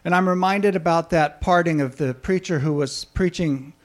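A man preaches a conversational sermon, frequently asking his listeners questions. His voice is a little high, and he speaks at a moderate pace.

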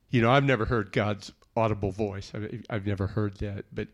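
A man's voice: fairly low pitch, steady tone, unhurried. A man telling a personal testimony in an earnest, plainspoken storytelling way. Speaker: speaker giving a personal testimony.

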